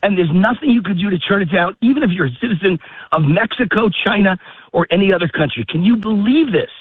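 A man's voice: high voice, animated, slightly rough, dry recording. Breathless man on a tinny phone line. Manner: emphatic, rapid-fire and repetitive. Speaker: call-in guest. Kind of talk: heated political phone interview. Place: outdoors walking a dog in a park.

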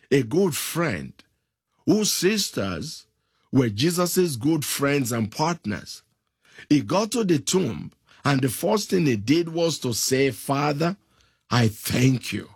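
A man preaching a sermon, slow and emphatic, stretching out key phrases. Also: medium pitch, husky, no room sound, clean studio sound.

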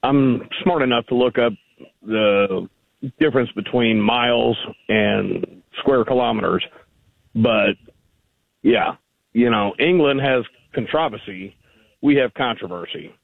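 A man's voice: medium pitch, unhurried, vocal fry, no room sound. A man calling into a radio show, rambling and argumentative, heard over a tinny phone line. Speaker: caller. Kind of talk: call-in conversation.

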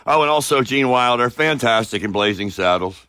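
Man, radio host, casual banter, wry humor, crisp bright tone, dry studio sound. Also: medium pitch, expressive, moderate pace, no room sound. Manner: wry, joking sports banter. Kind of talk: casual morning radio chat.

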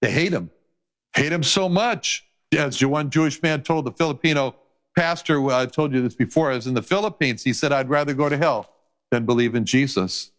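A man's voice: moderate pace, fairly bright tone. A man preaching a sermon as a Bible teacher, earnest, his voice rising as he quotes scripture. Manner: earnest preaching, rises in pitch when quoting scripture.

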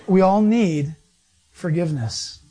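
High-voiced animated male preacher. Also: slow, slightly rough. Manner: animated storytelling, acts out voices, laughs at own jokes. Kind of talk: sermon.

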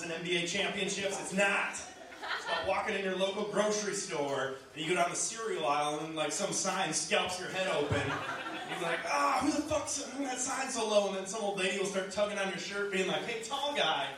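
A man's voice: high voice, fairly quick. A man doing a stand-up set, laid-back and self-mocking with crude jokes, laughs from the crowd behind him. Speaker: stand-up comic. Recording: echoey club from a distant mic, crowd noise.

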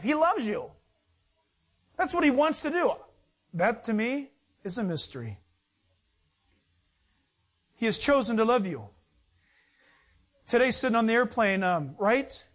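A middle-aged male pastor preaching a sermon, telling a story in a lively way and acting out the voices of the people in it. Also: high-pitched. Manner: storytelling, animated, acts out voices in anecdotes.

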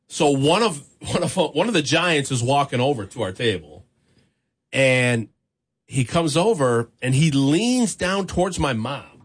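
A man's voice: medium pitch, breathy edge. A man casually telling a long story on a talk show, full of fillers and restarts. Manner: rambling, animated storyteller with many fillers.

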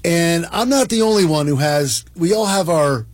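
A male morning radio co-host trading playful banter. His voice is a little high and very lively in pitch. It is recorded close and dry in the studio. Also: moderate pace, dry recording. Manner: playful, self-conscious, laughs at himself.

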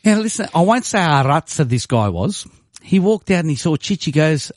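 A male radio host tells a long story in casual chat. He jumps into the voices of the people he quotes and laughs easily. His voice sits a little high and sounds dry and close, with no room echo. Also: sing-song, moderate pace. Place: radio studio.

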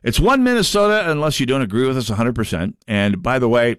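A man from North Dakota hosting a talk radio show, sardonic and halting, with mocking asides. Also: mid-range voice, lively intonation, clean tone, no room sound. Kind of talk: opinionated talk radio monologue.

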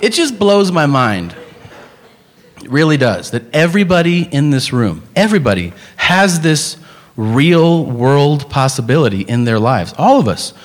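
A man doing a stand-up comedy set, profane and animated, telling stories with impressions. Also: fairly high pitch, unhurried. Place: comedy club stage. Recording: live club recording with crowd. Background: audience laughter.

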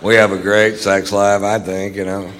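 A middle-aged man doing stand-up on a big theater stage, stretching his punchlines out dry and slow. His voice rings through a long hall reverb over a loud crowd and steady room noise. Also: fairly low pitch. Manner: dry, drawn-out punchlines, acts out shouted quotes. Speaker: stand-up comedian. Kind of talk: stand-up routine. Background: audience laughter.

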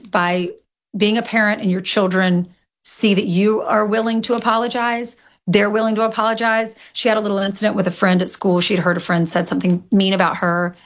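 A woman guest in an interview, telling personal stories in a candid, self-deprecating way. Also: fairly low pitch. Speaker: guest author. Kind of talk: conversational interview.

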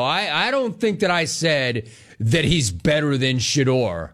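A man hosts a sports talk show, riffing through opinionated commentary and laughing often. His pitch swings widely as he drops into mocking impressions. His intonation is lively, his tone a bit bright, and his pace unhurried.

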